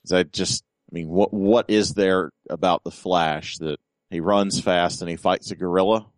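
Deep-voiced man co-hosting a comics podcast. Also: steady tone, normal speed, no room sound. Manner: loud, dry, joking. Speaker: podcast co-host. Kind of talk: casual comics podcast chat.

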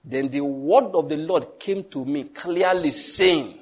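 A man's voice: a little high, a little slow, hardly any pauses. A middle-aged man, a pastor giving an earnest sermon-style testimony with chuckles and repeated phrases. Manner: storytelling, earnest, with chuckles and repetitions. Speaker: pastor teaching on prayer.

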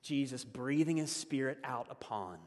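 A man preaching a conversational sermon as a pastor, laughing often and swinging between loud emphasis and hushed asides. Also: mid-range voice, moderate pace, in a large hall.

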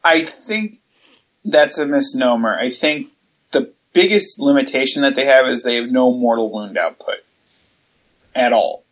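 A man's voice: medium pitch, unhurried, fairly bright tone. A man in casual hobby chat, explaining steadily and listing items with some fillers. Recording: dull lo-fi audio.

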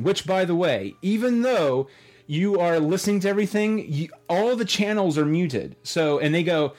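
A man's voice: high voice, moderate pace. A man hosting a podcast, telling a story in a casual, rambling way, with the odd swear word. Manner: rambling, animated retelling with swearing. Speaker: podcast host.

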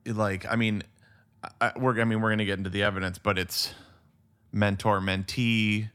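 A man with a low voice co-hosts a casual film chat. He sounds easygoing and agreeable and often chimes in with quick replies. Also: flat delivery, fairly bright tone, clear, resonant tone. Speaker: podcast co-host.

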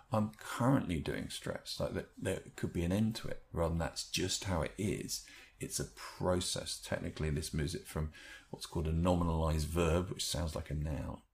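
Deep gravelly man explaining calmly. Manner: thoughtful, restarts words, animated rises in pitch. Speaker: speaker explaining a stress technique. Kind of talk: explanatory talk.

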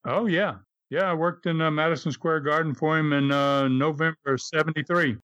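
A man's voice: a little high, fairly even intonation, moderate pace, fairly bright tone, muffled recording. An older man, a former wrestling promoter, chatting easily as a podcast guest. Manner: easygoing, hesitant with uh fillers. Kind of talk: casual podcast chat.

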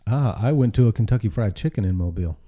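A man's voice: lowish voice, expressive, fast talker, dark tone. A man co-hosting a casual podcast, telling laid-back anecdotes with many fillers.

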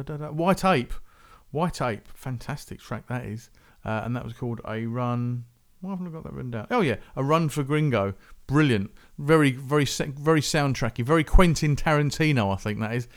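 A man's voice: medium pitch, normal speed, few pauses. A man hosting a music podcast, chatting casually and rambling. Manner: rambling, chatty, self-interrupting. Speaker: podcast host.

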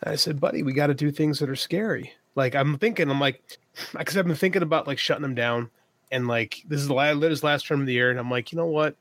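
A man's voice: fairly high pitch, fast talker, fairly bright tone, dry recording. A man in his thirties telling a personal story in a casual podcast chat, quoting himself and his son as he goes. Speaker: podcast co-host.

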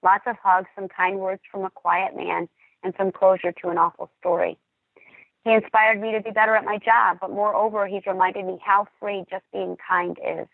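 A calm, earnest woman, a dispatcher, speaks on a podcast in a measured way. Her voice has a gravelly, fry-tinged edge. It comes through a thin, tinny, phone-like line in a dead, dry space. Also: medium pitch, no room sound. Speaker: emergency dispatcher and podcast guest. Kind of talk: podcast talk, personal account.

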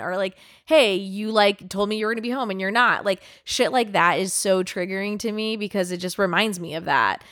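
A young woman chats casually on a podcast, telling a long personal story. She rambles, fills her sentences with fillers, and swears now and then, with a voice of ordinary pitch for a woman. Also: fairly quick, hardly any pauses, fairly bright tone. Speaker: podcast co-host. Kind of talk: casual chat.

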